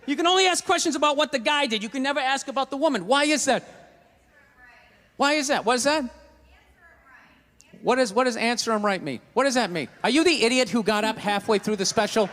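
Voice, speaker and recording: A man's voice: extremely high pitch, lively intonation, a little fast, long pauses, a bit bright. A man doing stand-up comedy on a theater stage, ranting with lots of swearing and acting out both sides of arguments. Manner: ranting, profane, acts out quoted arguments. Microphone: stage microphone. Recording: echoey hall, faint hiss.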